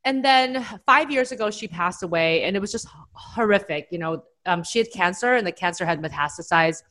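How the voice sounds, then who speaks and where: Woman from Taiwan, psychologist guest, calm and explanatory, reflective interview answers. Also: on the low side, brisk.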